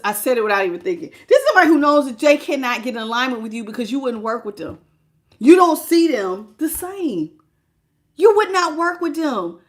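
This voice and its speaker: A woman giving a live tarot reading, talking casually and emphatically to her viewers, repeating phrases and laughing often. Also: high voice. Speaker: tarot reader.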